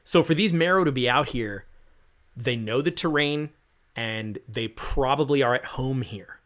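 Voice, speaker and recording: A man's voice: medium pitch, unhurried, fairly bright tone. A man running a tabletop game as game master, setting cinematic scenes in a casual, filler-laden way.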